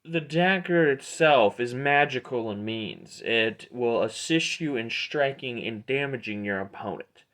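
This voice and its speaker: A man voicing a jovial, bushy male merchant in a tabletop game, speaking in a hearty, showy, slow manner. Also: medium pitch, animated, fairly bright tone.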